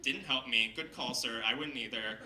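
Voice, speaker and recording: A man telling a funny personal story on stage to a live audience, lively and laughing as he goes, acting out the people he quotes. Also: medium pitch, moderate pace, reverberant, distant mic, very noisy. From Seattle. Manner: animated, laughing, acts out quoted voices.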